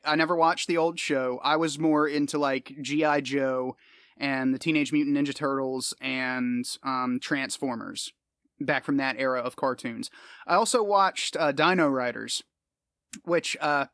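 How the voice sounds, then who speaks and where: A man's voice: fairly high pitch, fairly bright tone, no echo, studio quality. A man in his thirties hosting a solo podcast, rambling off the top of his head with casual swearing. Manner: casual, profane, rambling off the cuff. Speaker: podcast host.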